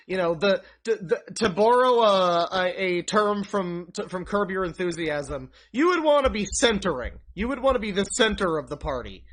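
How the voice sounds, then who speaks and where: A man's voice: high voice, fairly bright tone. A young man streaming live, ranting sarcastically and swearing freely as he rambles through his commentary with restarts and asides. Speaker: streamer reacting to online content.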